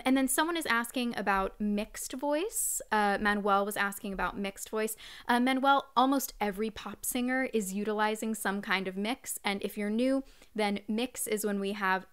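A woman's voice: on the high side, fairly bright tone, smooth. A young adult woman vocal coach, chatting through a live-streamed singing lesson and singing short phrases to demonstrate.

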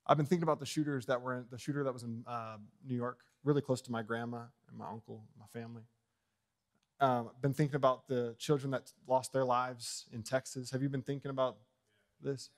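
A man preaching a sermon as pastor in a church, bold and fiery, swinging from loud proclamations to quiet asides and jokes with the congregation. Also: medium pitch, steady tone, brisk. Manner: joking with the congregation. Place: church sanctuary.

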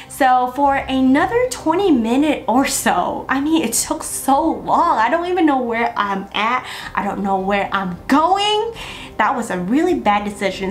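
A young woman beauty vlogger telling a personal story to her viewers in a chatty, animated way. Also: on the high side. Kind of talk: casual storytelling to camera.

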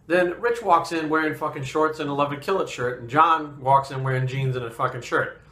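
A man's voice: on the high side, brisk, bright, forceful tone, roomy sound. A man from New England telling a rambling personal story in casual, profanity-heavy talk. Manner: profane and rambling, swears constantly. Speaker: fitness vlogger.

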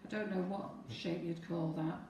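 A woman's voice: on the low side, fairly even intonation, normal speed, a little mellow, far from the mic, slight background noise. A woman teaching cake decorating on a live stream, chatting to viewers as she works through each step. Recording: echoey room, away from the mic.

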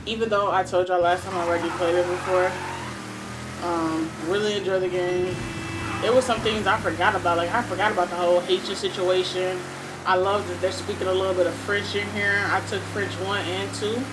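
A woman's voice: lowish voice, steady tone, a little fast, heavy background noise. A young woman with a Cleveland accent giving chatty, rambling gameplay commentary straight to her viewers. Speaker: gaming YouTuber. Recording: voice over loud game sounds.

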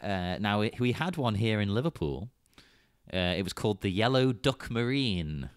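A man's voice: lowish voice, big pitch swings, moderate pace, clear, resonant tone, no room sound, studio quality. A man co-hosting a podcast in casual chat, playful and often laughing as he talks. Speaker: podcast co-host. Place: lives in Liverpool.

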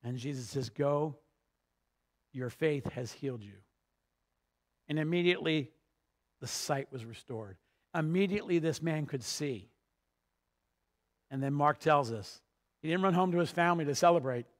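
A man's voice: fairly high pitch, moderate pace, pauses often. A male pastor preaching a sermon, retelling a story and building to emphatic peaks.

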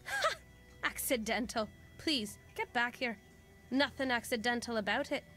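A woman's voice: on the high side, big pitch swings, measured pace, over music. An actress voicing a dry, teasing older female former newspaper writer in a mystery game. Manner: dry, teasing, then urgent.

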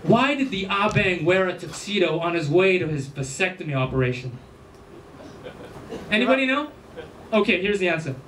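A chatty, self-amused man performs stand-up. His voice runs fairly high, and the venue makes it sound roomy and a little distant. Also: expressive, moderate pace, pauses often, fairly bright tone, slight background noise. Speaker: stand-up comedian. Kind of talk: stand-up comedy. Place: live comedy venue. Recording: roomy, distant, faint ambience.

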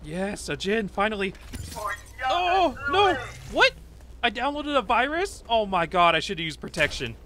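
High, animated man shouting over gameplay. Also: noisy background. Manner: excitable, yelping and taunting, rapid repeated phrases. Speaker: gaming YouTuber. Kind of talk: excited gameplay commentary. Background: game music.

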